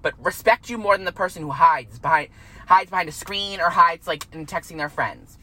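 A vlogger in her twenties rants heatedly to camera, swearing freely and repeating herself. Her voice is fairly low, brisk, pushed and bright, and the recording is rough.

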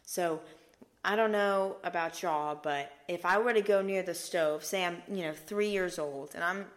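A woman's voice: lowish voice, measured pace. Earnest young woman teaching scripture. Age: young adult. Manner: earnest and emphatic, dropping to a soft hush for key points. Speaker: podcast host. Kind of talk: faith podcast teaching.

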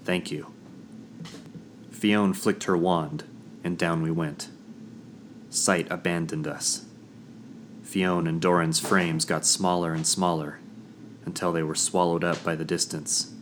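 A man narrating a first-person fantasy audiobook in a measured, dramatic storytelling manner. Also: low voice, little pitch movement, slight background noise.

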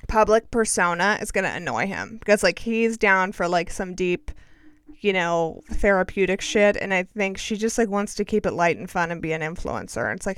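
A woman's voice: mid-range voice, a bit bright, clear, resonant tone, no room sound, clean studio sound. A woman hosting a podcast, talking in a chatty, sarcastic, self-deprecating way. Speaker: podcast host. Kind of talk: casual chat.

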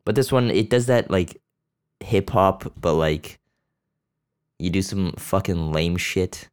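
A man's voice: deep voice, takes it slowly, clear, resonant tone. A man hosting a podcast, rambling bluntly and crudely about a movie, with lots of fillers and restarts. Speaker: podcast host. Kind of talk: casual profane movie chat.

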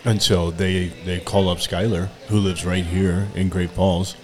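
A man's voice: low-pitched, level tone, measured pace. A man co-hosting a podcast in casual chat, with a dry, wry humor. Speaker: podcast co-host.

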